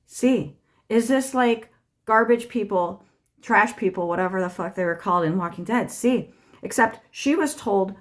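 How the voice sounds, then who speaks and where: A woman's voice: mid-range voice, moderate pace. A woman hosting a tarot channel, talking in a rambling, profane, wry solo monologue at home, walking between rooms as she talks. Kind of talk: casual stream-of-consciousness monologue.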